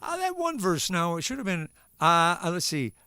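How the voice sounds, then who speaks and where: A man's voice: sits high, sing-song, sharp tone, soft background music. A man, a singer-songwriter, chatting casually between songs on a live stream, musing about how he arranges and sings his material. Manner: musing, unhurried, talks through his song choices.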